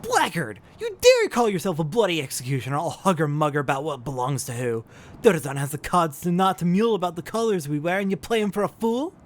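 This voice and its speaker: Man voicing a bellowing pirate captain, stern, gruff, raised higher voice, game dialogue. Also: very animated, fast talker. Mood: angry. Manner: scolding, bellowing.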